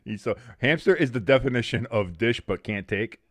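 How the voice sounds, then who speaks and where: A man's voice: medium pitch, expressive, moderate pace, no echo, studio quality. A man hosting a live sports watch-along, rambling and teasing a friend between bits of play-by-play.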